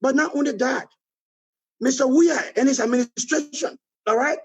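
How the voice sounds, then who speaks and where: A man's voice: very high voice, moderate pace, breathy edge, poor audio. A man with a Liberian accent, a political guest giving emphatic critical commentary and often adding "all right?".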